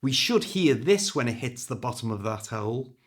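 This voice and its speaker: A man's voice: mid-range voice, big pitch swings, normal speed. A man with a British accent voicing a cheerful, joking father in a storybook reading. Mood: jovial. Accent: British English. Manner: jovial, joking. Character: cheerful British dad, jokey.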